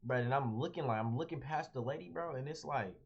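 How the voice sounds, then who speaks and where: A young man telling a story casually as a vlogger, animated and slangy, calling everyone "bro". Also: medium pitch, brisk, gravelly, breathy edge. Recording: dull lo-fi audio.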